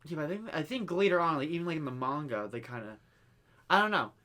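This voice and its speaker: A young man co-hosting a casual podcast, talking in a halting way with many fillers and restarts. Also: on the high side, animated, pushed and bright. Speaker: podcast co-host. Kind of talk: casual chat.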